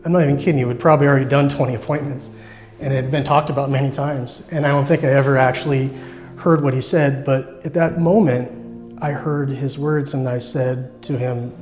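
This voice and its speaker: A man sharing a personal faith testimony in an earnest, reflective way, pausing and restarting as he speaks. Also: medium pitch, fairly even intonation, darkish tone, faint music behind. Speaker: church member sharing testimony.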